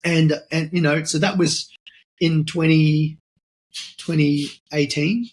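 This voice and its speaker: An Australian man with a slightly high-pitched voice tells his story as a podcast guest. He talks casually and animatedly, stops and restarts his sentences, and acts out the voices of the people in his story. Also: slow. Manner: animated, acts out quoted dialogue, frequent restarts. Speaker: podcast guest, military veteran and charity founder.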